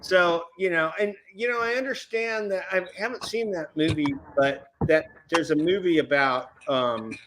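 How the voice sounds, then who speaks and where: High-pitched guy in his 50s rambling playfully, keeps restarting, bit of noise. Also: moderate pace, hardly any pauses. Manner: rambling, self-correcting, playful. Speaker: panelist on a geeky chat stream. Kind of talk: casual chat.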